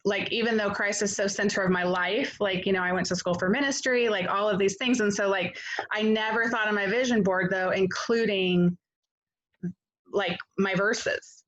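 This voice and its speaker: A woman's voice: medium pitch, fairly even intonation, moderate pace, a bit bright, poor audio. Woman on a zoom call, super enthusiastic, lots of like. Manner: enthusiastic, says like a lot. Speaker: team member on the call. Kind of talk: casual chat. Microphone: video call.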